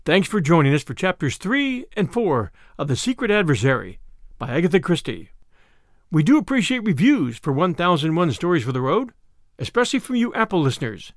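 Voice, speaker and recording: A man hosting and narrating an audiobook show, with an expressive storytelling delivery. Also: on the high side, brisk, no echo, clean studio sound. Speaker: podcast host and narrator.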